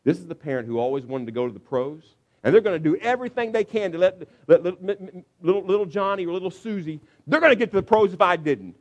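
Animated man preaching a sermon. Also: high voice, quick pace, few pauses. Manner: conversational, animated, acts out parents shouting. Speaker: pastor.

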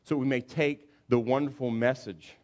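A man preaching a sermon as pastor, telling a story with animated, acted-out asides. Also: mid-range voice, moderate pace. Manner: animated storytelling, acts out football players.

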